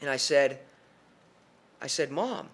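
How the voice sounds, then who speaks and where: A young man tells a personal story on a podcast, in an animated way and with many restarts. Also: medium pitch, brisk.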